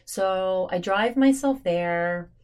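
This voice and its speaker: A woman's voice: mid-range voice, slow, a little mellow, clean tone. A woman hosting a podcast, telling a rambling personal story in a chatty, casual way with lots of restarts. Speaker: podcast host.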